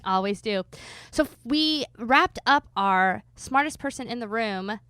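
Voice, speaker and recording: A woman hosting a casual church podcast, teasing her co-host in quick banter. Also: a little high, expressive, a bit bright, clear, resonant tone, no echo.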